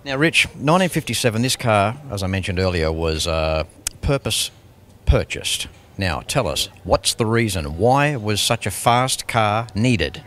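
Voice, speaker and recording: A man's voice: fairly low pitch, very animated, unhurried, fairly bright tone. A man hosting a TV car show, enthusiastic and exclaiming as he interviews a guest outdoors at a car show. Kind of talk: TV interview and sign-off.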